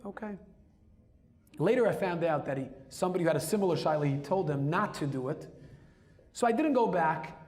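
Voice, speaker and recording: A man telling a personal story as a rabbi, lively and emphatic, dropping Hebrew and Yiddish terms into his English. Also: fairly high pitch, a little fast, long pauses. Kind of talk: storytelling talk.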